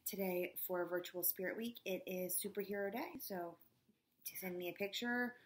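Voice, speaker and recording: A woman's voice: medium pitch, steady tone, moderate pace. A woman teacher reading a storybook aloud to her students, with casual, chatty asides. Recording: echoey room.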